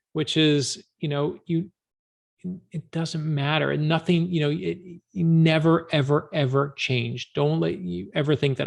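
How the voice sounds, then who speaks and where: A man who is an author, a guest on an interview podcast, telling stories in an animated, emphatic way. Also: a little high, gravelly. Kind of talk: storytelling interview answers.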